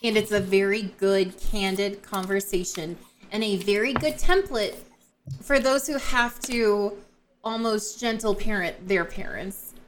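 Woman on a book podcast talking real slow, little bit of hiss behind her. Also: medium pitch. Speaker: podcast co-host. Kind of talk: casual book discussion.

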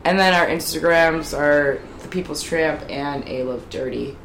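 A woman's voice: low-pitched, a little slow, gravelly. A woman co-hosting a candid podcast from her living room, talking bluntly and profanely with frequent giggles. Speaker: podcast co-host. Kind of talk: candid casual chat. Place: living room in a city apartment. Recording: roomy room with loud street noise.

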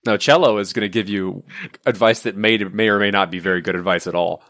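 Low-voiced guy rambling earnestly on a podcast, lots of um and like, dry close mic. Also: fast talker, a bit bright, dry recording. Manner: earnest, rambling, many fillers. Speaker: podcast co-host. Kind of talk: casual chat.

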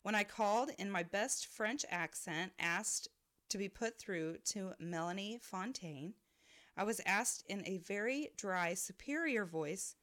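A woman co-host reads stories that listeners sent in. Her voice sits at a middle pitch, and she often breaks into laughter as she reads. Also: unhurried, fairly bright tone. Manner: laughs often while reading. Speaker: podcast co-host. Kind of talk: reading listener stories aloud.

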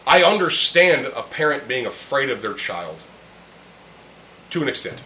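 In a medium-pitched, sing-song voice with a sharp tone, a man hosts a casual podcast at an unhurried pace. Over beers with friends in a room, he talks bluntly and heatedly, swearing heavily, and a roomy echo and faint hum sit in the recording.

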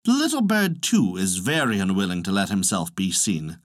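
A man narrating a folk tale as a storyteller, expressive and animated. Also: low voice, normal speed, no echo, studio quality.

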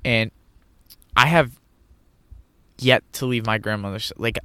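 A man's voice: medium pitch, slow, bright, forceful tone, smooth, no echo. A man telling a personal story in an earnest way, repeating phrases for emphasis. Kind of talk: personal monologue.

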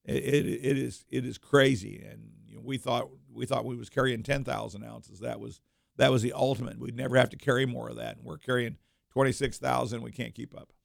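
A man with a deeply gravelly, fry-heavy voice tells shop stories on a talk radio show. He rambles and restarts, doubling up words as he goes. The sound is dry and close, with no room around it. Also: a little fast, dry recording. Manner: rambling, repeats words and restarts, animated anecdotes. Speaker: coin shop owner, radio guest.

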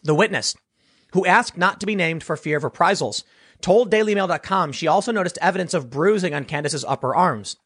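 A man's voice: sits high, brisk, fairly bright tone, slightly rough. A man hosting a political commentary show, talking casually and sarcastically, reading news stories aloud and mocking people in quoted voices.

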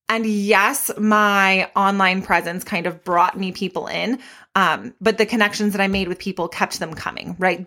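A young woman talks into her podcast microphone in a loose, unscripted solo episode. She is chatty and candid, with animated asides and casual swearing. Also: medium pitch. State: pregnant. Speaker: podcast host and fitness instructor.

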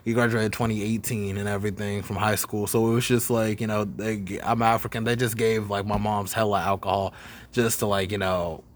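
A man's voice: fairly low pitch, little pitch movement, brisk, slight background noise. A man in his twenties hosting a podcast, telling stories in a laid-back, slangy way with lots of fillers. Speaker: podcast host. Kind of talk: casual chat.

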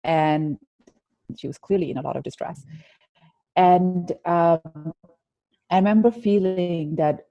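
Low, mellow-voiced woman telling a story. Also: measured pace, pauses often, no echo. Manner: earnest, reflective, many restarts. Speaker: guest. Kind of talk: personal storytelling in an interview.

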